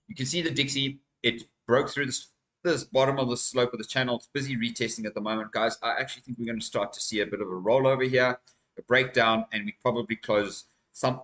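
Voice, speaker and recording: A man's voice: mid-range voice, pushed and bright, rough recording. A man hosting a crypto channel, talking through market news and charts in a casual, emphatic vlog style and calling his viewers "guys".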